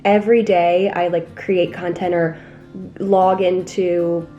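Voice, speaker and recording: Mellow-voiced young woman rambling candidly. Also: on the low side, level tone, slow, dull audio, faint music behind. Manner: rambling, candid and self-deprecating. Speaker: vlogger. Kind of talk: casual confessional vlog talk. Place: apartment in the city.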